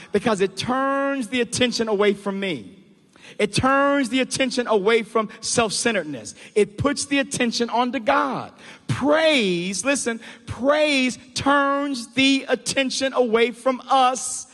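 High-voiced man preaching in a large hall. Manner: preaching with rising shouts and call-outs. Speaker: pastor. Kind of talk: sermon. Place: large church auditorium.

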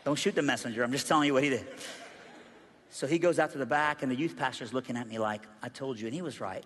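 A man preaching a sermon, telling a story with lively, animated delivery and acting out the voices of the people in it. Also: mid-range voice, quick pace, slight background noise. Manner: animated, acts out quoted voices, rises to loud excited peaks. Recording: long reverb of a large hall.

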